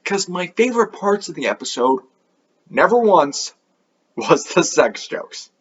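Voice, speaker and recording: A man's voice: sits high, big pitch swings, measured pace, fairly bright tone, highs cut off, a little hiss or hum. A man hosting an anime review video, talking in a casual, offhand, rambling way with a sarcastic edge.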